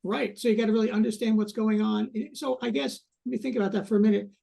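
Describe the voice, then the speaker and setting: Male interviewer, fry-heavy voice, stops and restarts his questions, keeps affirming. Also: high-pitched, fairly even intonation, dark tone. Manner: halting questions, brief affirmations. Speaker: interview host.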